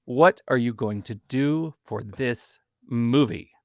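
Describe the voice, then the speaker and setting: A man's voice: medium pitch, slow, vocal fry, dry recording, studio quality. A man co-hosting a film podcast in casual chat, playful and joking. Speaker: podcast co-host.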